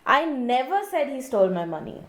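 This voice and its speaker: A woman reads one sentence aloud again and again, putting the stress on a different word each time. Her voice is high and varied. The recording has noticeable room echo. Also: big pitch swings, a little fast. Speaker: demonstration helper. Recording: echoey room.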